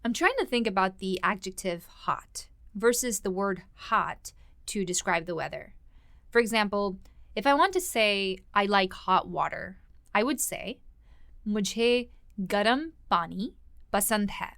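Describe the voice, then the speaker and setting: Woman podcast host, conversational grammar explainer, mid pitch, dry studio sound. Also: lively intonation, unhurried, a bit bright, no room sound. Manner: conversational, thinks aloud while explaining. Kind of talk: podcast language lesson.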